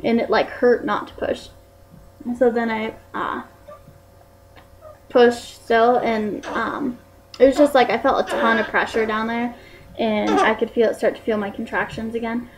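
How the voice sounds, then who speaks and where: A woman's voice: on the high side, steady tone, measured pace, a little hiss or hum, low-quality recording. Chatty young woman vlogger. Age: young adult. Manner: rambling, many fillers like "like" and "um". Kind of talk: casual chat to camera.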